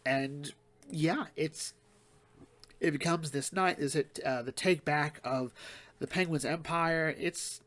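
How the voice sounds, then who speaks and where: A man giving a casual solo comic book review, retelling plots quickly and rambling with fillers and restarts. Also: fairly high pitch, fairly bright tone.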